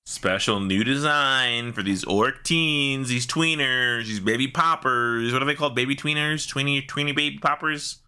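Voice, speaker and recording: A man co-hosting a casual gaming podcast, asking quick questions and cracking jokes. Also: medium pitch, sharp tone, smooth. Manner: quizzical, joking, quick interjections. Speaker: podcast co-host.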